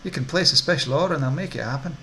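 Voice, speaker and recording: A man's voice: a little high, very fast, a bit bright, a little hiss or hum. A man voicing a twitchy male orc drug dealer with a Scottish accent and wheedling salesman patter. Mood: jittery.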